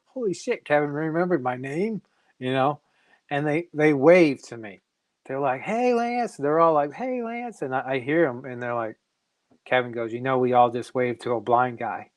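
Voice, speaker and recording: Animated storytelling man, dry sound. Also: medium pitch, no echo. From Massachusetts. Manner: animated storyteller who acts out quoted dialogue. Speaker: guest comic artist. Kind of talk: casual interview storytelling.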